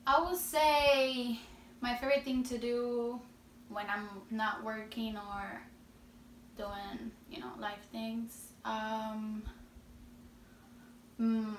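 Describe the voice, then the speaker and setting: An eighteen-year-old woman with a Spanish accent, chatting slowly and giggling through a casual Q&A. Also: fairly high pitch. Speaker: vlogger answering questions. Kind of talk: casual Q&A chat. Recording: roomy echo, distant mic, faint noise.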